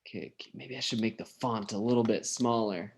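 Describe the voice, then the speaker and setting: A man teaching an English class online, slowly asking students questions and encouraging them to answer. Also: lowish voice, slight background noise.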